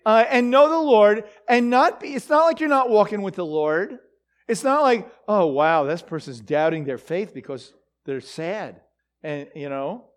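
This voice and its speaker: A man preaching in a loose, conversational way, his voice sitting high and swinging widely up and down. He keeps turning to the listeners with quick questions and fills his pauses with small fillers. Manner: animated, talks to the audience with frequent fillers and rhetorical questions. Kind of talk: conversational sermon.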